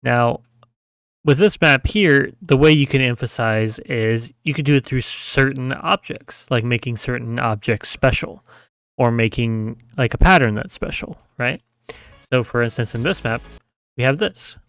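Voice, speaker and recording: A man's voice: medium pitch, unhurried, a bit bright, clean tone, no echo. A man giving a casual screen-share tutorial, explaining step by step, often checking with "right?" and humming the sounds he describes. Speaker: mapping tutor.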